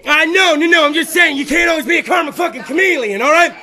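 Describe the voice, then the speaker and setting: Podcast host, male, very high, bright voice, profane rambling comic rant. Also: fast. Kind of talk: comedic rant.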